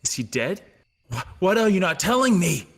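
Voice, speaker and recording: A man voicing a frustrated, desperate man who shouts accusations, his voice raised well above normal. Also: high voice, big pitch swings, normal speed, husky, long reverb tail, voice pushed up, full character voice. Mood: accusing.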